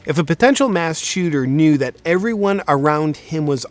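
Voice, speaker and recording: Deadpan mock-serious young man. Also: on the high side, normal speed. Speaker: video host. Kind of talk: sarcastic comedic monologue.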